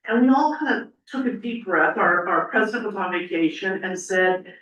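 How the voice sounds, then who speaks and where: A woman's voice: medium pitch, lively intonation, normal speed, fairly bright tone. A woman giving an earnest, rambling public comment at a city council meeting, tearful as she speaks. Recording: echoey council chamber, mic at a distance.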